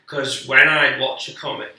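Sweary man, bright and echoey. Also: medium pitch, flat delivery, moderate pace, recorded from a distance. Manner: rambling, sweary, frequent restarts. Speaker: guest comedian. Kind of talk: casual storytelling chat. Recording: very echoey, off-mic.

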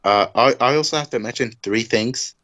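A man co-hosting a casual fight recap podcast, talking loosely with many halting fillers. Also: mid-range voice, a bit bright, low-quality recording. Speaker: podcast co-host.

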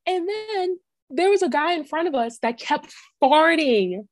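Brief: young woman co-host, slightly high voice, rambling storyteller, dry close mic. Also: expressive, unhurried, no echo. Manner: chatty storyteller, heavy use of "like", acts out quotes. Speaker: podcast co-host. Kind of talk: casual chat.

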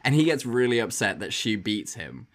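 A man's voice: medium pitch, sing-song, moderate pace, a bit bright. A man co-hosting a casual movie podcast, teasing and swearing as he jokes his way through his opinions. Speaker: podcast co-host. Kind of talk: casual chat reviewing a movie.

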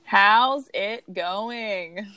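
A woman's voice: mid-range voice, extremely slow, bright, forceful tone, clean tone, no room sound, faint music behind. A young adult woman hosting a casual podcast, chatty and giggly, with plenty of fillers. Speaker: podcast host. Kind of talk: casual chat.

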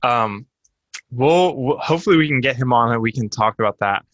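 A man's voice: mid-range voice, expressive, a little fast, fairly bright tone, no echo, dull audio. Young man rambling candidly, dry sound. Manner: candid, rambling storyteller with many fillers. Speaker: podcast co-host. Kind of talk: casual chat.

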